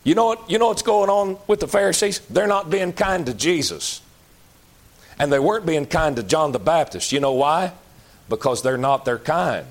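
A man preaching a sermon in a folksy, emphatic way, jumping to loud outbursts and dropping to low, slow asides. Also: animated. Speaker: pastor.

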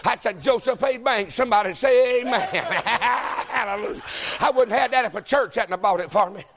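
A pastor, preaching a folksy, joking sermon that builds to shouting. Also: male voice, very high-pitched, moderate pace, a crowd in the background.

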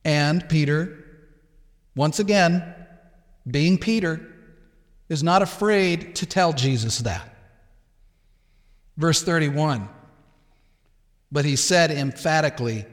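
A man preaches with emphatic, expressive delivery, pressing his points and sometimes voicing the people in his text. His voice sits a little high for a man, and it rings with a long reverb like a church sanctuary. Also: takes it slowly, pauses often. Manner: emphatic, acts out Peter's protests. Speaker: pastor. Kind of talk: sermon.

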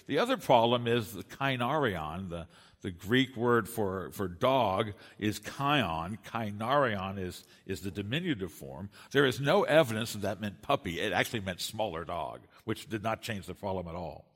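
A man's voice: fairly low pitch, expressive, moderate pace, a bit bright, long reverb tail. A man preaching an expository sermon, emphatic, with his voice rising and dropping sharply for stress and with occasional restarts.

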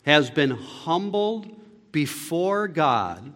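A man preaching a sermon as pastor, swinging between loud, fervent lines and hushed ones, with deliberate phrasing. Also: on the high side, big pitch swings. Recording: long reverb of a hall.

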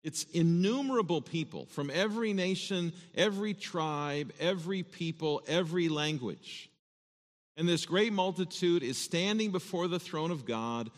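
A man's voice: a little high, expressive, normal speed. Man preaching in a reverberant church. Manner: earnest, emphatic, repeats words when stressing points. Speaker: pastor. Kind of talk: sermon with scripture reading. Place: church sanctuary. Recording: long reverb of a church hall.

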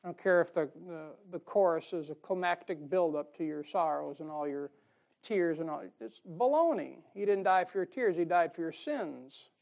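A man delivers a folksy, emphatic sermon, laughing at his own jokes and shifting from loud emphasis to soft asides. His voice is on the high side and gravelly, with lively intonation at a normal speed.

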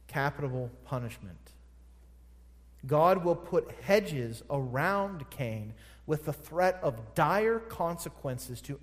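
Emphatic slow-preaching man in a reverberant hall. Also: fairly high pitch. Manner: emphatic, repeats phrases for stress. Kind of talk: sermon.

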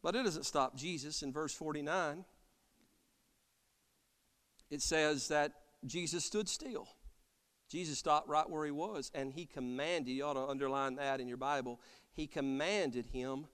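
A man preaching an impassioned sermon as pastor, swinging from loud cries to soft, quiet lines. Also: on the high side, a little slow, long pauses, clear, resonant tone. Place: church sanctuary. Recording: long church reverb.

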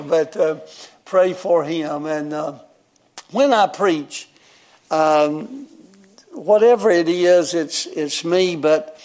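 A man's voice: a little high, a little mellow. A man, telling a personal story in a folksy, rambling sermon and chuckling often. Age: 70s. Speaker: guest preacher.

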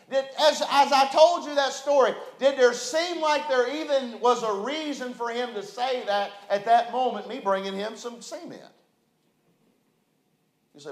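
Folksy high-voiced West Virginian preacher. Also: male voice, normal speed. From West Virginia, USA. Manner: folksy, conversational, repeats phrases. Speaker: pastor. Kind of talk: storytelling sermon. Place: church sanctuary. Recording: roomy church echo.

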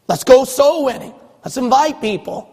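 A man from California preaching a sermon as pastor of his church, hammering one phrase over and over and rising into shouts. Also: extremely high pitch, lively intonation, moderate pace, husky, big-room sound. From California, USA. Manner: forceful, repetitive exhorting, rising to shouts.

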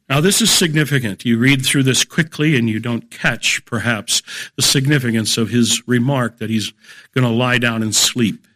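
A middle-aged man giving a measured, emphatic Bible lecture, explaining a psalm verse by verse. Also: mid-range voice, bright, forceful tone. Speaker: Bible teacher.

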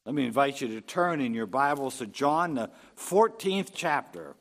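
A man preaching a sermon, reading scripture aloud and rising in pitch and force on key phrases. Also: big pitch swings. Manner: unhurried preaching, swelling louder and higher on key phrases. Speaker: pastor.

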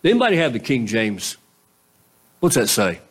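A man preaching a sermon in a conversational style, posing rhetorical questions to the congregation, his pitch swinging between raised and low. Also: huge pitch swings, moderate pace, husky. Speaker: pastor.

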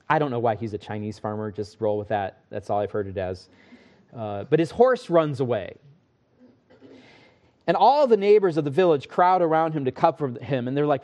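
A man preaching a sermon as pastor, earnest and emphatic, slowing down to stress key phrases and dropping in folksy asides. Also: on the high side, darkish tone. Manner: folksy asides and self-corrections.

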